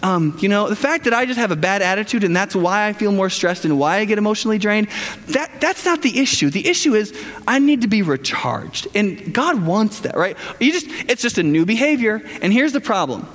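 A male pastor with a high voice preaches in a big hall where his words ring out in a long reverb. He talks casually to the room, checks in with "right?" and slips into the voices of the people he describes. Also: sing-song, brisk, a bit bright. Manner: conversational, keeps asking "right?", acts out quoted people. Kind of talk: sermon.

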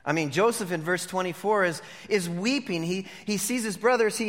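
A pastor preaching a sermon, moving between hushed reflection and emphatic declarations. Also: male voice, sits high, moderate pace, few pauses, in a large hall.

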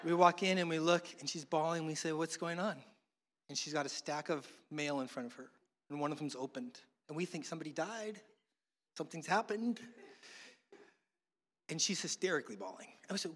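Preaching in an easygoing, conversational manner, this middle-aged pastor weaves humorous family anecdotes into his teaching. His notably high voice is fairly bright and a little fast, echoing with the long reverb of a large hall.

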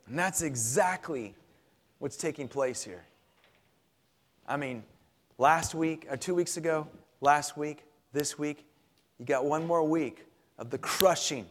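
A pastor preaching a sermon in a conversational way, repeating words for emphasis. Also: male voice, fairly high pitch, slow, long pauses, in a large hall.

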